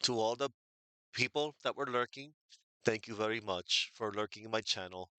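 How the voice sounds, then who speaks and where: A man's voice: lowish voice, normal speed, pushed and bright, dry recording. A man, rambling casually and thanking his viewers as he signs off a stream. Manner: rambling, thankful, chatty with fillers. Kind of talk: casual stream sign-off chat.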